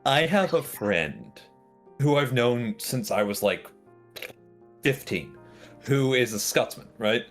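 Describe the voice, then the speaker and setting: A man's voice: mid-range voice, sing-song, slow pace, long pauses, a bit bright, soft background music. A man chatting casually on a stream call, rambling with lots of fillers. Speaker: stream guest.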